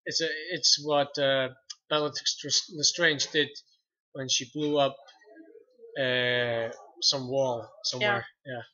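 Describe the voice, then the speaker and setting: A young man from Iceland, an English speaker, chatting playfully and excitedly as a singer in a casual livestream interview. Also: medium pitch, slow pace, dull audio. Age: young adult.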